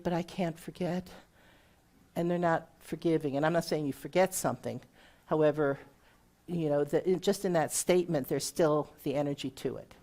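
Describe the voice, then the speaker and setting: Middle-aged woman minister, slightly low-pitched, preaching a sermon in a chatty, conversational way. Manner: warm conversational preaching with audience questions. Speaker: guest minister.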